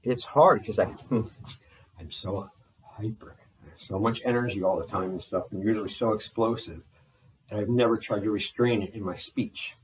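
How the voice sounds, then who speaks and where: A man talking in a rambling video journal, holding back a restless energy and slowing himself down on purpose. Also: lowish voice, recorded from a distance, low-quality recording. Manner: restless, deliberately slowed and restrained delivery; frequent fillers and restarts. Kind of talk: rambling personal journal talk. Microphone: laptop.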